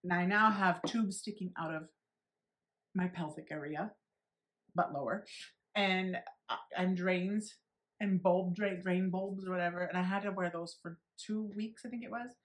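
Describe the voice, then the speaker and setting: A woman's voice: fairly low pitch, steady tone, unhurried. A woman in her forties vlogging, telling a personal story candidly and bluntly, swearing freely and acting out what others said. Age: 40s. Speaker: beauty vlogger.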